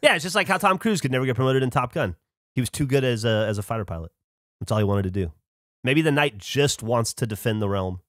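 A man telling stories in casual podcast chat, cursing offhand. His voice sits at a middle pitch. The sound is dry and close. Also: quick pace, no room sound. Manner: animated storyteller, swears casually. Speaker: podcast co-host.

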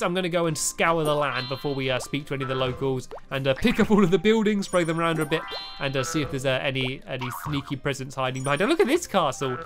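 Let's-play host, giggly and chatty, pitch bouncing all over, faint game music underneath. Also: a bit bright. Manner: giggly and chatty, laughs often; playful, reads game text aloud in joking voices. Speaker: video game let's-player. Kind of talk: casual gameplay commentary.

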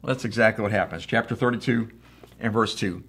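A man's voice: fairly low pitch, fairly quick, vocal fry, fairly bright tone, husky. Man preaching a conversational sermon. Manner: conversational storytelling with acted quotes. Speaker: pastor.

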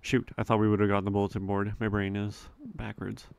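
A young man giving relaxed, rambling gameplay commentary, thinking aloud with frequent fillers. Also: fairly low pitch, a little fast, vocal fry, clear, resonant tone. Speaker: let's play gamer.

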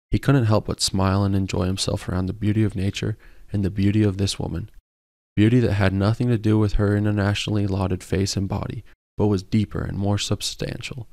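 A man narrating a romance novel as an audiobook in a steady, even storytelling manner. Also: on the low side, gravelly, no room sound, studio quality. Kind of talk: scripted narration.

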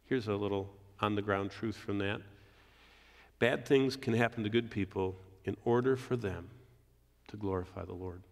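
A man preaching a sermon verse by verse, building to emphatic peaks and dropping low and quiet for weight. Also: normal speed, gravelly. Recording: hall reverb.

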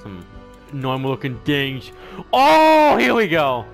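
A young man giving let's-play commentary, excitable and joking, often yelling and reacting loudly. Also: fairly high pitch, normal speed, music in the background. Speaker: gaming YouTuber.

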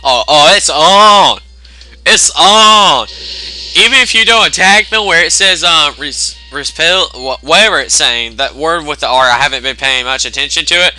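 A man's voice: fairly high pitch, fairly quick, few pauses, bright, forceful tone. A man commenting on a game as he plays it, joking, swearing and voicing the on-screen text in mock tones. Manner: jokey, profane, reads the game text aloud in mock voices. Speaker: gameplay commentator. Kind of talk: let's play commentary. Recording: game music behind.

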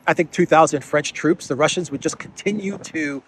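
A man's voice: on the high side, moderate pace, slight background noise. A man hosting a casual political commentary show, talking in a conversational way, repeating words as he thinks and adding sardonic asides.

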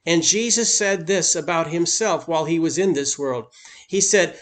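A man's voice: on the high side, moderate pace, a bit bright. A man preaching a sermon as pastor, speaking emphatically and lifting his voice on key points.

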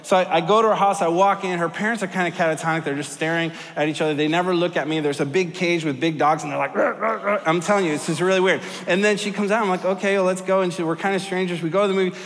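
A male pastor with a high voice, preaching in a large church auditorium. He tells his story in a joking, animated way, and his words carry a long reverb. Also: very fast, hardly any pauses. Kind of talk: sermon with a comic story.

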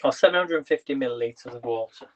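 A man's voice: mid-range voice, quick pace, a little hiss or hum, rough recording. A man hosting a live cooking stream from his home kitchen, chatting with viewers and reading their comments as he cooks.

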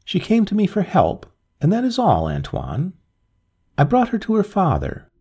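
A man voicing a pale, dying young man who speaks calmly and gravely. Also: high-pitched, normal speed, voice pushed up, exaggerated voice. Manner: calm, quiet, grave.

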